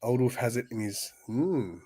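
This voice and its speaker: A man's voice: mid-range voice, expressive, moderate pace, warm tone, breathy edge. A young man co-hosting a casual podcast chat, telling rambling stories full of restarts and fillers. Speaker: podcast co-host.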